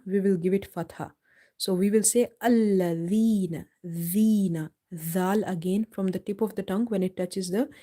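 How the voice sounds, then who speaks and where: Woman teacher, soft dark voice, patient step by step, stretches out example words slow. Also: mid-range voice. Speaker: Quran recitation teacher. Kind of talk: live online tajweed lesson.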